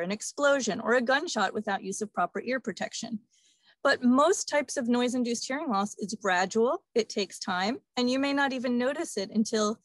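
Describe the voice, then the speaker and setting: Woman, audiologist, informative webinar talk, fairly high pitch, dry recording. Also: no room sound. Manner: steady, informative. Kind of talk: webinar presentation.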